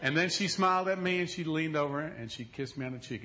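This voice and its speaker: A man's voice: a little high, fast talker. Man preaching, muffled church recording. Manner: storytelling with acted quotes, swings from loud to hushed. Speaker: pastor. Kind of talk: sermon.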